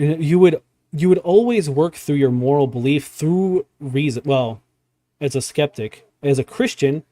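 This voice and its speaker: A man with a mellow, warm tone hosts a loose, casual talk show. He rambles, trailing off and restarting as he reacts. The sound is dry and close. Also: medium pitch, no echo. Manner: rambling, many fillers and restarts. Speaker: podcast host.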